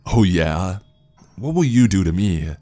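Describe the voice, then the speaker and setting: A man voicing a hotheaded young male soldier who bullies others, loud and taunting. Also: low voice, lively intonation, unhurried, faint music behind.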